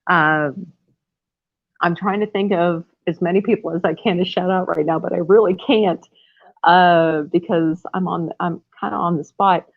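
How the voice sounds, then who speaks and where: Low-voiced woman chatting on a tinny line. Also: steady tone, moderate pace, no echo. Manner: rambling, effusive, laughs often. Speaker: livestream host. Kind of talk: casual livestream chat. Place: at home. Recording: tinny phone-like sound.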